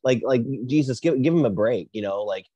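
A man's voice: medium pitch, lively intonation, fairly quick, warm tone, slightly rough, no echo. Agreeable man on a dry mic. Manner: agreeable, emphatic, repeats words. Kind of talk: casual podcast chat.

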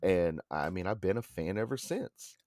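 A deep-voiced podcast co-host tells a story in casual conversation, animated and acting out the quotes. He speaks at a moderate pace, and there's no echo.

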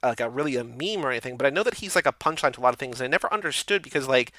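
A man co-hosting a casual movie review chat, rambling with lots of "like" and quick asides. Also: mid-range voice, lively intonation, pushed and bright, no room sound. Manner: fast, rambling, heavy use of "like". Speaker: podcast co-host.

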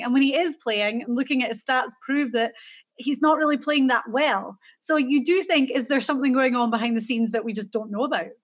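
Scottish female co-host, high-pitched, chatty and conversational. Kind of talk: casual golf betting chat.

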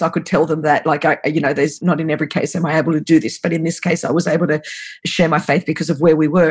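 A woman's voice: fairly low pitch, breathy edge. A woman in her fifties telling her story in an interview, earnest and urgent, repeating phrases for emphasis. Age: 50s. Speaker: anti-trafficking ministry leader.

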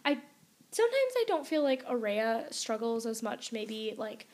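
Young woman w a high voice gushing about a book, laughs a lot, says like constantly. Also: sing-song, moderate pace, darkish tone. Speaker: book podcast co-host. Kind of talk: casual chat.

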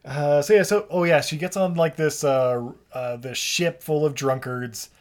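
A man's voice: a little high, steady tone, measured pace. A man co-hosting a podcast, recapping a movie in casual chat, laughing often and acting out lines in silly voices. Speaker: podcast co-host.

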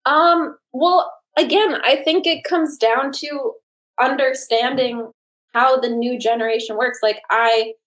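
A woman in her late twenties speaks in an interview in a fairly high voice. She is earnest and enthusiastic, often restarting her sentences and laughing easily. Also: steady tone, slow, fairly bright tone, rough recording. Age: late 20s. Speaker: comic artist and teacher. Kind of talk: podcast interview.

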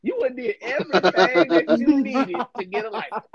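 A woman co-hosting a casual phone chat, reacting with loud exclamations and lots of laughter. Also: medium pitch, animated, moderate pace, dull audio, over a noisy crowd. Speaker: podcast co-host.

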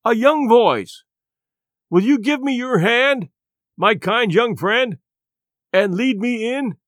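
A wretched, cruel blind sea beggar, as a male audiobook reader puts him on, whining in an odd sing-song. His pitch swings widely and his threats come cold and ugly. The storybook sound is dry and close. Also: animated, slow pace, a bit bright, dry recording, heavily acted. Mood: sing-song wheedling. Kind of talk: audiobook character voice.

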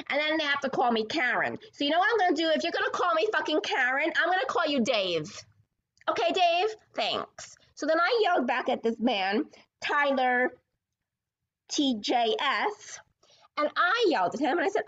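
A woman's voice: high voice, big pitch swings, moderate pace, a bit bright, lo-fi sound. A woman hosting a sports podcast, ranting in a combative, profane and sarcastic way. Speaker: podcast host.

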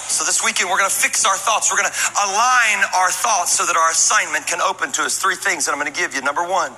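A man, a pastor, preaching a humorous, energetic sermon full of stories, sometimes shouting. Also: sits high, fast talker, few pauses. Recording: echoey hall with music.

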